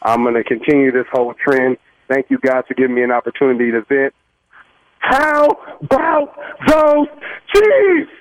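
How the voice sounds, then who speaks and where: A man's voice: mid-range voice, level tone, fast, dry recording, rough recording. A man in his thirties from Los Angeles calling in to a sports talk show, heartfelt and rambling with fillers. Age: 30s. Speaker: caller. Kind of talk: emotional fan call-in.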